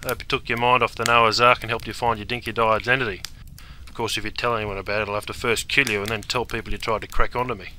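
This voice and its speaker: A man with an Australian accent and a gravelly voice, reciting verse and chatting in laid-back slang. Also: fairly low pitch, level tone, fast, pushed and bright, slight background noise, poor audio. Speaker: language course presenter. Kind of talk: recitation and casual banter.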